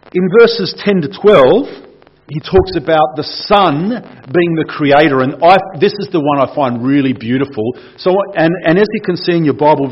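A man's voice: on the high side, slightly rough, dull audio. A man preaching a casual sermon in church, explaining a passage, reading it aloud and putting questions to the congregation.

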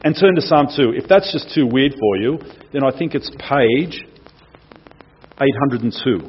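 A man's voice: medium pitch, expressive, a little slow, slightly rough, highs cut off. A man preaching a casual sermon in church, explaining a passage, reading it aloud and putting questions to the congregation.

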